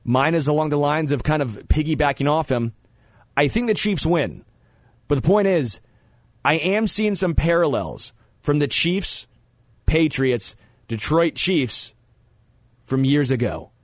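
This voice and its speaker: A man's voice: a little high, a little slow, no room sound, clean studio sound. Opinionated male sports radio host. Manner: animated, opinionated, stammers on restarts. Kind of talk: sports talk radio banter. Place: radio studio.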